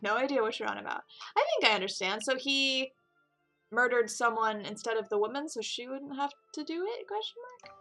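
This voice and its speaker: A woman's voice: on the high side, sing-song, a little fast, pushed and bright, soft background music. A woman casually commenting as she plays a game, muttering asides to herself. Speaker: let's play host.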